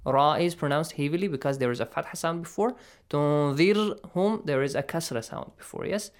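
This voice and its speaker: A man's voice: fairly high pitch, lively intonation, fast talker. Patient, encouraging recitation teacher, man. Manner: patient, encouraging, explains and models sounds. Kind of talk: radio lesson, coaching students.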